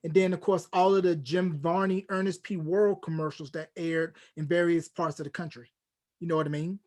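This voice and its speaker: A man hosting a podcast, asking measured follow-up questions. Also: on the high side, steady tone, a little mellow. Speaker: podcast host. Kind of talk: casual interview questions.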